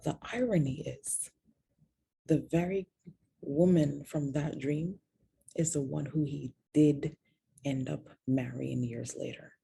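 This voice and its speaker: A woman's voice: deep voice, slow pace, vocal fry, mellow, slight background noise. A woman candidly confiding a personal story to viewers in a vlog, sometimes dropping to a whisper on painful details. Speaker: host telling her own story.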